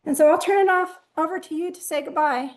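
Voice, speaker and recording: A woman's voice: high-pitched, quick pace. A woman hosting an online talk over a video call, friendly and informal, losing her voice. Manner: friendly, informal, scattered announcing. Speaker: event host.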